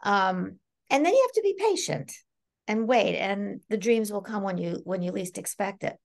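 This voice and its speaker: A middle-aged woman speaks as a guest on a casual podcast. Her voice has a gravelly, fry-touched edge. She talks animatedly, laughs often and acts out the voices she quotes. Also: medium pitch, animated, normal speed. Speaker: psychic medium guest.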